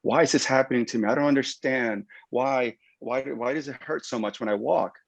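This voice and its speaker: A man's voice: mid-range voice, moderate pace, gravelly, dry recording, pitched above the performer's own voice. A man voicing a frustrated injured patient who whines and pleads about not healing. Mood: whiny pleading. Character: whiny frustrated injured patient, exasperated complainer. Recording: dull lo-fi webinar audio.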